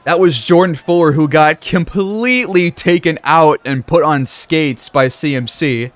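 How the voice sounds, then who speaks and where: A man giving play-by-play commentary over a football video game, reacting loudly to big plays. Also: on the high side, a little slow, few pauses. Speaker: gaming commentator.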